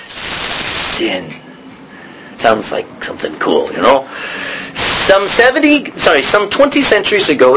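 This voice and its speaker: A man delivers a relaxed teaching sermon in a slightly high voice. He talks to the room conversationally, stops to fix his own slips and clears his throat now and then, over a faint hiss of background noise. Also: poor audio. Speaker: preacher.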